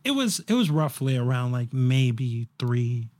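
A man's voice: mid-range voice, very animated, unhurried, a little mellow. A young man chatting casually on a podcast, telling a story in a rambling way with lots of fillers and restarts. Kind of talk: casual chat.

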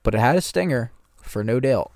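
A man's voice: medium pitch, animated, brisk, a little mellow, no room sound, studio quality. A man co-hosting a podcast, telling a rambling anecdote in casual chat and swearing a lot. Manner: rambling storytelling, frequent swearing. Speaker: podcast co-host.

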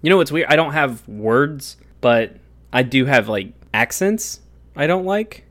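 An American man co-hosting a podcast, chatting casually and laughing through animated banter. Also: medium pitch, unhurried. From United States. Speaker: podcast co-host. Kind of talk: casual chat.

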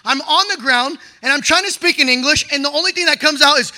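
A young man telling a personal testimony in an excitable, slangy way, often breaking into shouts. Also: very high-pitched, fast. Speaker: storyteller sharing a testimony.

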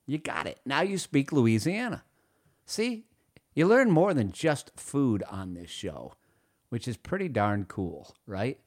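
A man hosting a food radio show, reading ads and joking in a playful, self-mocking way with sudden loud bursts. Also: mid-range voice, sing-song, measured pace, no room sound, studio quality.

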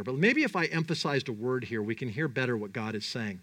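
A man preaching a sermon, animated and dramatic, his delivery full of emphatic rises and drops. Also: mid-range voice, a little fast. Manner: animated, dramatic, voices God and Jonah in quotes.

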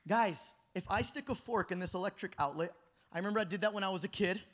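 A young man preaching a fervent youth camp sermon, shouting at peaks and dropping to hushed asides. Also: high voice, quick pace. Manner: impassioned, often shouting, swings between loud and hushed.

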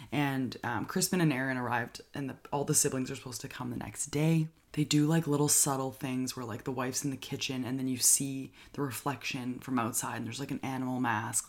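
Casual movie-recap host, gravelly fry, middle pitch, chatty and excitable, leans on "like" constantly. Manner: chatty, filler-heavy with frequent "like", enthusiastic; acts out characters' lines in quick voices. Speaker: movie reviewer.

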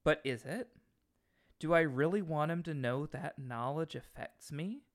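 A man's voice: fairly high pitch, a little slow. A man co-hosting a comedy podcast, reading a romance novel aloud with theatrical, mock-serious delivery and joking between passages. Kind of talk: comic dramatic reading and banter.

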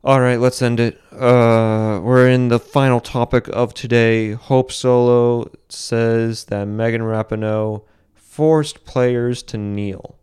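A man's voice: medium pitch, fairly even intonation, slow, darkish tone, smooth. A young man from Boston hosting a solo commentary podcast, rambling with frequent restarts and self-corrections. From Boston, USA. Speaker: podcast host.

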